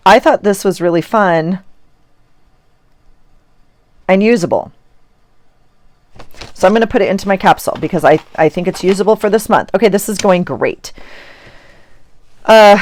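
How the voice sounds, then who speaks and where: A middle-aged woman talks through her crafting in a loose, rambling chat, often breaking into giggles. Her voice sits a little low. The sound is dry, with hardly any room around it. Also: a little mellow, dry recording. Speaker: journaling vlogger. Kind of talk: casual chat while crafting. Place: home office.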